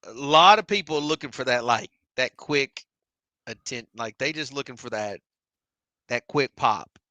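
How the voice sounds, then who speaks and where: A man co-hosting a casual sports podcast, halting and repeating words as he starts his thoughts. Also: mid-range voice, sharp tone, no room sound. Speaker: podcast co-host.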